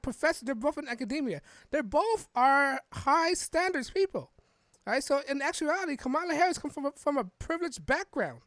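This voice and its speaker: Woman podcast host ranting casually, higher voice, keeps restarting and tacking on "right?", dry close mic. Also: no room sound. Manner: rambling, frequent restarts and "right?" tags. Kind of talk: casual political commentary reading an article.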